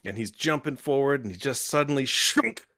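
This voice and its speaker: A man's voice: fast talker, dry recording, studio quality. A young man on a podcast, recapping with emotion, swearing often and acting out quoted lines. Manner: excitable, swears often, acts out quotes in shifting pitch. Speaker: podcast co-host reviewing a show.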